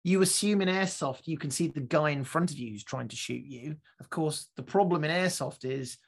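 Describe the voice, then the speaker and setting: A man co-hosting a casual podcast, his voice gravelly with a husky edge. He tells stories with energy and often repeats and restarts his words mid-thought. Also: fairly high pitch, moderate pace. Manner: animated storyteller, restarts and repeats words while thinking. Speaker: podcast co-host.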